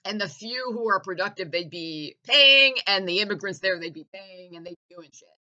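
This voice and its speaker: A woman launches a heated, profane rant with biting sarcasm. Her voice is bright and edgy, and she mocks as she goes. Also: mid-range voice, lively intonation, moderate pace, dull audio. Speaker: vlogger.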